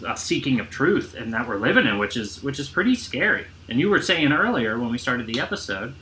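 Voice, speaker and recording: Guy hosting a podcast, bright voice, rambles and swears a lot, bit of faint hiss. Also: mid-range voice, big pitch swings, fairly quick, poor audio. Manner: rambling, restarts often, swears casually. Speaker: podcast host. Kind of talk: casual chat. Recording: faint background noise.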